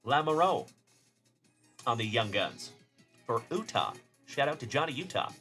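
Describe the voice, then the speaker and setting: A man's voice: mid-range voice, very animated, moderate pace, soft background music. A man from Texas hosting a live card-opening stream, chatting casually and cheerfully calling out viewers by name. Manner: upbeat, shouting out chat viewers by name. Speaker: card-breaking livestream host.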